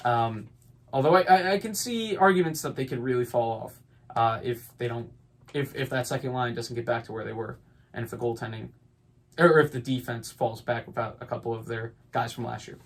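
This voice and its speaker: A man's voice: mid-range voice, brisk. Guy rambling thru his hockey picks, lots of ums, upbeat, normal mid voice. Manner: rambling, filler-heavy, upbeat opinions. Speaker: podcast host. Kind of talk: casual sports talk.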